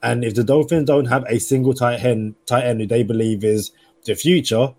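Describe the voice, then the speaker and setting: A man's voice: medium pitch, steady tone, normal speed, a little mellow, no echo. A man with a London accent, co-hosting a sports podcast and thinking aloud with lots of "you know" fillers. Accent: London English. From London, England. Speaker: podcast co-host. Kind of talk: casual sports podcast chat.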